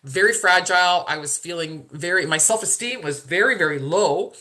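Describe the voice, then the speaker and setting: A woman's voice: on the low side, moderate pace, sharp tone. Hesitant, emotional woman telling her story. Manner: hesitant, repeats words, many fillers and restarts; openly emotional, vulnerable. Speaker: podcast guest.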